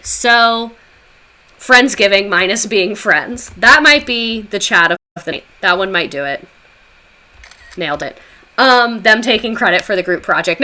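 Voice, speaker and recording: A woman's voice: mid-range voice, expressive, unhurried, sharp tone. A woman livestreaming a casual history talk, chatting with viewers in a sarcastic, chatty way with swearing asides.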